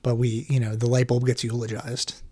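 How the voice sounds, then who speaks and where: Male podcast co-host, mid-pitch, rambling chatty delivery, dry studio sound. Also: little pitch movement, moderate pace, a little mellow, no echo. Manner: rambling, restarts often, swears casually. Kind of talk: casual podcast chat.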